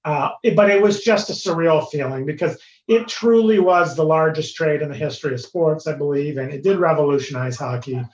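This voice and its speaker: A man's voice: on the high side, brisk, darkish tone. A man in his fifties, a former pro hockey player, retelling a story in an interview, full of fillers and quoted dialogue. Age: 50s. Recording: roomy, slightly dull sound.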